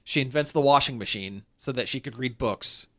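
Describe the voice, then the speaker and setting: A podcast co-host rambles through a critical movie review in casual chat, restarting his sentences often. His voice is medium-pitched with a sharp tone, and he talks at a moderate pace.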